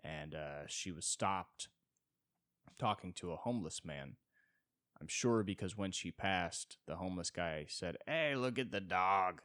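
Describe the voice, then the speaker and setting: A man's voice: low-pitched, measured pace, fairly bright tone, no echo, studio quality. A man hosting a solo podcast and riffing comedically, rambling with frequent "you know" fillers. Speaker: podcast host.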